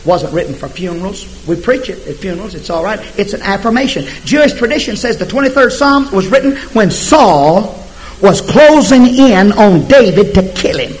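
Male preacher, emphatic sermon delivery with wide dynamic swings; high, animated pitch. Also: normal speed, a little hiss or hum, low-quality recording. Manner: emphatic, swings from hushed to shouting.

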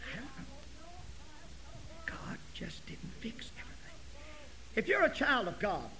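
A male preacher giving a folksy sermon, dropping to near-whispers and then rising to loud, forceful preaching. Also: high voice, wildly swooping pitch, a little slow, long pauses, husky, rough recording. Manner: folksy storytelling.

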